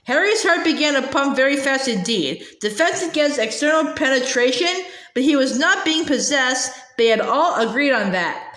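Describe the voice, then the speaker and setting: A woman's voice: high voice, lively intonation, moderate pace, hardly any pauses, fairly bright tone. A woman reading a novel aloud casually, stumbling and restarting now and then, in a roomy echo. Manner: reads with frequent hesitations and restarts. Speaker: reader.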